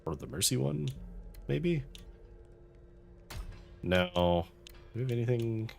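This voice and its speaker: A man's voice: mid-range voice, expressive, slow, gravelly, darkish tone, soft background music. A man casually commenting as he plays a video game, thinking aloud through his choices with wry asides. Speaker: let's-play host.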